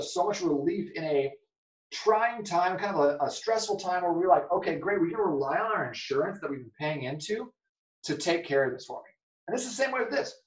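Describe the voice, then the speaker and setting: A man's voice: sits high, reverberant, far from the mic, low-quality recording. A man hosting a solo podcast, talking casually and rambling with frequent fillers. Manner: casual, rambling, lots of "okay" and "like". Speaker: podcast host.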